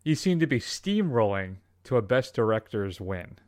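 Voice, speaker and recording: A man's voice: lowish voice, very animated, normal speed, a little mellow. A man co-hosting a film podcast, rambling and joking with many fillers. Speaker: podcast co-host. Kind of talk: casual comedic film chat.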